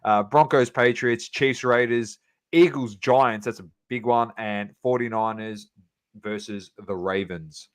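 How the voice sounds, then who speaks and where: A man's voice: medium pitch, a little slow, clean tone. A man co-hosting a sports podcast, running through scores casually with plenty of fillers and banter. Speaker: podcast co-host.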